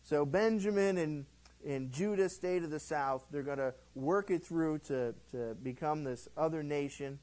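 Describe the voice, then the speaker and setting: A male pastor teaching verse by verse through a Bible book in a conversational, animated way, acting out the quotes he tells. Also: fairly high pitch, a little slow, low-quality recording.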